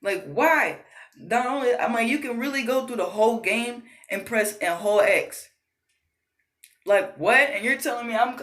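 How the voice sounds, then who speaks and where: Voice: medium pitch, a little slow, a bit bright. A gaming vlogger ranting casually, exasperated and profane, rambling with frequent fillers. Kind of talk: casual rant. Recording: roomy echo.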